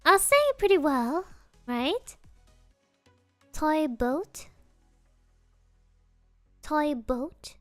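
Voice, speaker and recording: A woman's voice: high-pitched, sing-song, very slow, pauses often, fairly bright tone, dry recording, studio quality, faint music behind. A woman streamer chatting playfully with her audience, often giggling and answering viewers' messages. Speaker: virtual streamer. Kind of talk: casual live-stream chat.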